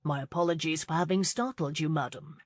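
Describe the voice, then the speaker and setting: A woman voicing a roguish male duke who speaks smoothly and teasingly. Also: sits low, fairly quick, dry recording. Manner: smooth, insolent.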